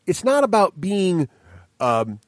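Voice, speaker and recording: A man co-hosting a casual board game podcast, energetic and playful, laughing often. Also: high voice, takes it slowly, no room sound, clean studio sound. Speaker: podcast co-host.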